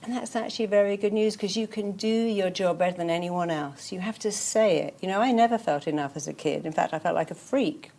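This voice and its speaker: A woman's voice: medium pitch, a little fast, hardly any pauses, a little mellow. A woman therapist talking in an interview, emphatic and repetitive, telling stories and repeating affirmations. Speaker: therapist guest. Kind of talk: motivational interview talk.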